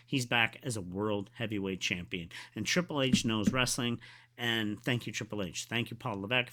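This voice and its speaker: A man reviewing a wrestling event in a casual, excitable, rambling way, with many fillers, sometimes going soft and quiet. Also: medium pitch. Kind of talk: casual solo video review.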